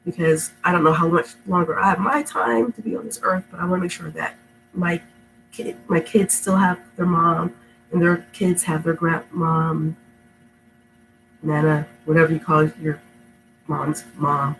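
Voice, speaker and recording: A woman's voice: fairly low pitch, fairly even intonation, measured pace, a bit bright, faint music behind, rough recording. A middle-aged woman with a sick, stuffy voice who reads storybooks aloud to kids at home, then chats in a rambling, affectionate way. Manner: rambling, affectionate, laughs often. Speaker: storytime reader. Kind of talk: reading aloud to kids, then casual chat. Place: home indoors.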